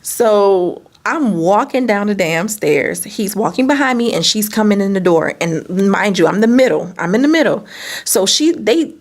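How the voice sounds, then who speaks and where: Gravelly-voiced woman telling a candid story. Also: mid-range voice, moderate pace. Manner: candid, animated, swears freely. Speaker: business owner and vlogger. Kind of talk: storytime vlog.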